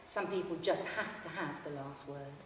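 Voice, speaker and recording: Low-pitched and at normal speed, a woman in her fifties reads from her own memoir before a library audience, understated and dry. Slight background noise and the hall's echo come through the distant microphone.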